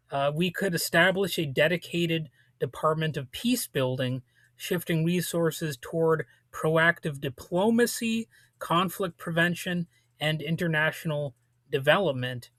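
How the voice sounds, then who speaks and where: A man's voice: a little high, lively intonation, unhurried, fairly bright tone, dry recording. A man hosting a casual political commentary, blunt and loose, with a voice that is slightly worn. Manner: casual, blunt, with frequent restarts and swearing. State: losing his voice a little. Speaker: podcast host.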